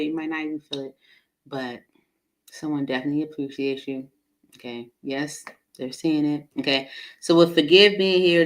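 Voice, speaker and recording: A woman's voice: sits low, fairly bright tone. A woman giving a casual live tarot reading, chatty and laughing often, with many fillers. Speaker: tarot reader.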